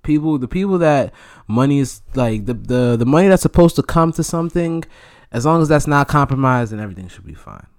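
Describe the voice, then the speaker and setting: A man's voice: mid-range voice, expressive, fairly quick. A young man from New York, a music producer, talking slangy and laid-back in a casual podcast chat.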